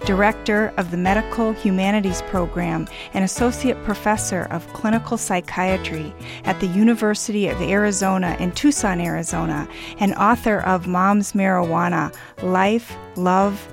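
A woman's voice: medium pitch, fairly even intonation, moderate pace, creaky, over music. A woman hosting a radio interview show, reading polished, scripted introductions and asking questions. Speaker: host.

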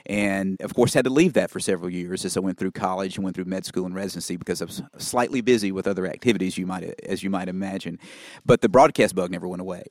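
Southern doctor with a low dry voice. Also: male voice, quick pace, dry recording. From Mississippi, US. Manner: relaxed, anecdotal, folksy asides. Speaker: family physician and broadcaster. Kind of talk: storytelling interview answers.

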